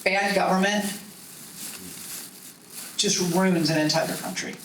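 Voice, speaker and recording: A middle-aged woman, a political speaker telling animated, folksy stories to a party meeting. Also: on the low side, takes it slowly, far from the mic, background noise. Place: meeting hall. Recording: roomy hall audio from off-mic.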